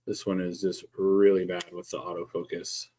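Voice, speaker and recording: A man's voice: low voice, completely flat delivery, moderate pace, mellow. A man casually chatting on a live stream, muttering and joking sarcastically as he fixes his camera and microphone. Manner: dry sarcastic asides while fumbling with gear. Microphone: desk microphone he keeps adjusting.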